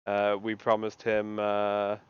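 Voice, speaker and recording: A man playing in a tabletop game, explaining his spell in halting speech full of fillers. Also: on the low side, completely flat delivery, smooth, no echo, muffled recording. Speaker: player. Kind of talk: casual game chat.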